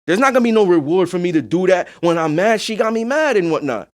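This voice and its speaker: A man's voice: high voice, expressive, fast talker. A man hosting a podcast in a casual monologue. He talks bluntly and emphatically, swears freely, and keeps checking in with "you know what I'm saying.". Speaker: podcast host.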